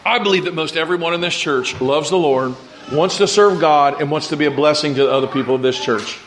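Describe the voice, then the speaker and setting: High-voiced man preaching a sermon. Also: a little fast, a bit bright. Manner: conversational preaching, reads scripture aloud, frequent restarts. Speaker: pastor.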